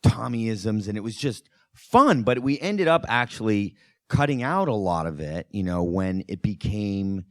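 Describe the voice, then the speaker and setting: A man, a film director, telling anecdotes in an animated, laughing way as a guest at a Q&A. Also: on the low side, unhurried, no room sound, clean studio sound. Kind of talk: anecdotal storytelling at a Q&A.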